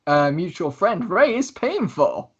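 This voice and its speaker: A flamboyant male tiefling thief, as a man puts him on in a tabletop game, loud and teasing, with a giggle under his words. The voice sits higher than an everyday voice and swoops about playfully. The audio is slightly muffled and lo-fi. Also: sing-song, unhurried, slightly rough, exaggerated voice.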